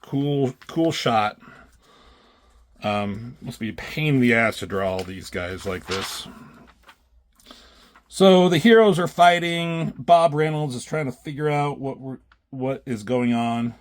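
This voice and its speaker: A man's voice: mid-range voice, animated, takes it slowly. A man reviewing comic books in a loose, rambling way, swearing freely and often correcting himself. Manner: loose and profane, with many fillers and self-corrections.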